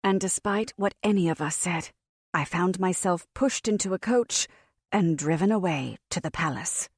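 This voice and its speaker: A woman narrating a cozy fantasy audiobook in the first person, with a wry, expressive storytelling manner. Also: fairly low pitch, normal speed, breathy edge, no room sound, studio quality.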